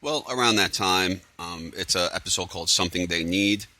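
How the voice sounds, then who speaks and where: Rambling sarcastic man, deep and bright. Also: brisk, no room sound. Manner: rambling, sarcastic, many fillers. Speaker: TV recap vlogger. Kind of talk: casual spoiler recap.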